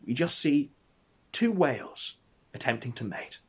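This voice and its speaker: A man telling an absurd story as comedic narration, in a deadpan, mock-epic way. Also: mid-range voice, a little slow, husky.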